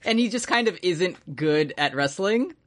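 A man co-hosting a podcast in casual chat, telling stories in an animated way and swearing often. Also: sits high, unhurried. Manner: animated storyteller, swears a lot. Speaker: podcast co-host.

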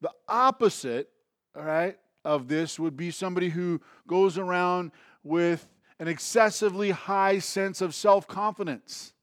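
Male preacher, a touch high, dry close sound, talks to the room and checks in often. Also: measured pace, no echo. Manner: conversational preaching with frequent restarts and check-ins like "right?". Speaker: pastor. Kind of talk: sermon.

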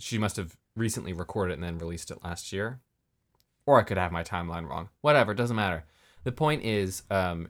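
Male podcast co-host, very deep voice, loose rambling delivery. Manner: casual, rambling, self-correcting. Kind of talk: casual music discussion.

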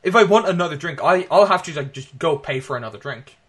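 A man's voice: fairly high pitch, animated, fast, breathy edge. A young man chatting casually on an online voice call through a cheap microphone, rambling with restarts. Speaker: friend in chat. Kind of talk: casual group chat.

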